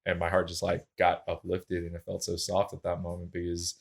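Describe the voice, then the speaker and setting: A young man with a low, deep voice tells his story as a podcast guest, speaking quickly and with little rise and fall in his tone. He sounds earnest and candid, and his casual talk is full of slangy fillers. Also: completely flat delivery, gravelly. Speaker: podcast guest, track and field coach.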